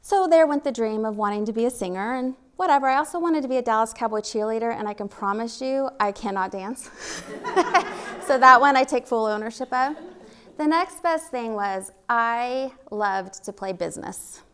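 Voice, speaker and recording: A woman's voice: fairly high pitch, expressive, normal speed, a bit bright. A middle-aged woman from Oklahoma with a slight Oklahoma accent, telling her personal story on stage with candid, self-deprecating humor. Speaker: storytelling speaker. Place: stage at a live event.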